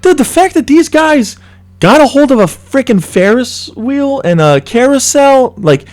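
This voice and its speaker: A young man co-hosting a casual chat, excitedly retelling a scary trip with lots of swearing. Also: extremely high pitch, unhurried. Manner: excited, swears a lot, animated storytelling. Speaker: co-host.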